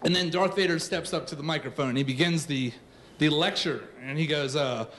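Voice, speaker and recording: A man in his thirties telling a true story on stage, animated, comic and self-mocking. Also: fairly high pitch, fairly quick, a little hiss or hum.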